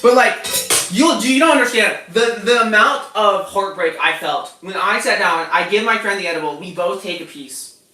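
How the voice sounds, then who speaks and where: A woman's voice: mid-range voice, moderate pace, pushed and bright, distant mic, faint music behind. Chatty young woman in an echoey kitchen. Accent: African American English. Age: young adult. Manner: chatty, profane, laughs often, talks to chat. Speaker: streamer. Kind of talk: casual cooking stream chat.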